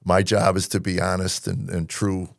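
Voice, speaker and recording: Gravelly deep-voiced male podcast host. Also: level tone, moderate pace, no echo, clean studio sound. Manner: earnest storyteller, many fillers. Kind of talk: casual interview chat.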